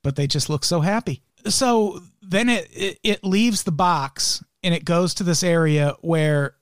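A man's voice: high-pitched, a little slow, no room sound, clean studio sound. A man co-hosting a podcast in casual chat, sarcastic and joking, swearing freely. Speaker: podcast co-host.

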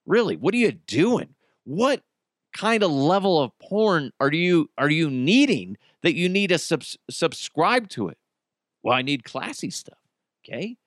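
A man's voice: fairly high pitch, unhurried, no echo, clean studio sound. A man hosting a podcast, riffing on odd news stories in a profane, joking, ranting way. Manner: profane, joking, animated rants. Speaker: podcast host. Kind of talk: casual comedic news commentary.

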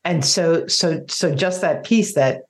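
A woman's voice: fairly low pitch, slow pace. A woman in her fifties hosting a parenting podcast, reflective and searching for words with many fillers. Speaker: podcast host and parenting coach. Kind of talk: podcast interview conversation.

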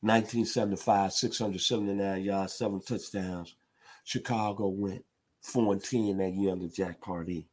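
A man's voice: deep voice, fairly even intonation, moderate pace. A man from Memphis, giving an emphatic sports commentary monologue. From Memphis, Tennessee. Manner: emphatic, builds to impassioned outbursts.

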